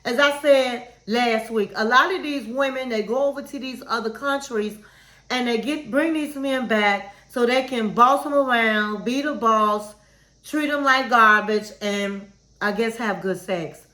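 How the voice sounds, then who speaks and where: A woman's voice: fairly high pitch, a little slow, sharp tone. A woman vlogger giving frank, chatty commentary on a reality show, calling her viewers "honey". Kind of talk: casual candid commentary. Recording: roomy echo.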